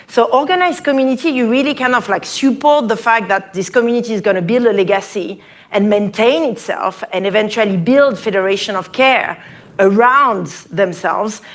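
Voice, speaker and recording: Chatty French-accented woman giving a talk. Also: a little high. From France. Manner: chatty, playful, many fillers and restarts. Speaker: speaker at an event. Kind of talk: conference talk. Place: event hall before a live audience.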